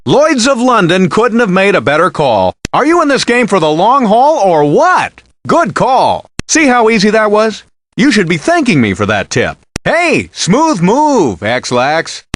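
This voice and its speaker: A man's voice: high voice, fairly bright tone, exaggerated voice. An actor playing a sarcastic male blackjack dealer in a video game, teasing the player with one-liners.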